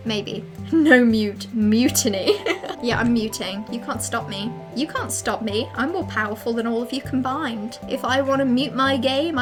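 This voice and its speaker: A young adult woman giving excitable, dramatic let's play commentary as a streamer, swearing often. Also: on the high side.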